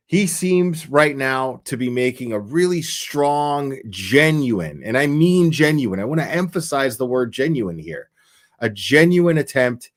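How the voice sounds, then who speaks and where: Profane rambling male stream host. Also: medium pitch. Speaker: host reacting to an interview clip. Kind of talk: live stream commentary.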